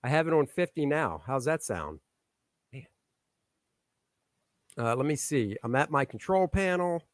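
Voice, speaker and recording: A man's voice: fairly high pitch, sing-song, measured pace, dry recording, studio quality. A man hosting a live stream as a comic artist, chatting casually and muttering jokes while he fiddles with his microphone settings. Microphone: microphone on a stand.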